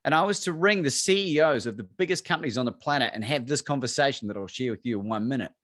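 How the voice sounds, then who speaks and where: A man's voice: medium pitch, expressive, fast talker, fairly bright tone, no echo, clean studio sound. An Australian man, a courage coach, telling a story and acting out both sides of his phone calls. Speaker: guest speaker, courage coach. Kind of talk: storytelling talk on a video call.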